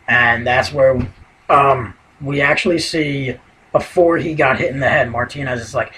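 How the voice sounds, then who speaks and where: A man's voice: medium pitch, a little slow, bright, forceful tone, a little hiss or hum, poor audio. A man giving a casual spoken recap of a TV episode, rambling and leaning heavily on "you know" fillers. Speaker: TV episode reviewer.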